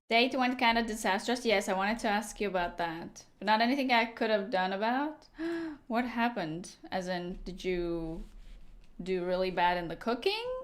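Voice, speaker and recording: Woman, young adult, live streamer, casual, teasing, chats with viewers. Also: medium pitch. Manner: chatty, teasing, answers chat out loud. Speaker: livestreamer.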